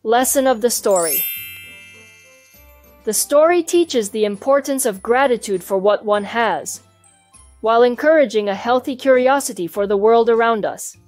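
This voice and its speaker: A woman reads a children's picture book aloud in a fairly high, even voice. She tells the story clearly and steadily, as a hamster recounting his own adventure, with soft background music playing beneath her. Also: moderate pace. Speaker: storybook reader. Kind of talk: children's read-aloud narration.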